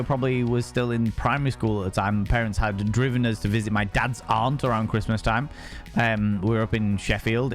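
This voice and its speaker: A young man streaming and chatting casually, rambling from topic to topic, swearing freely and greeting viewers by name. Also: mid-range voice. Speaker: streamer reading chat. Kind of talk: casual chat.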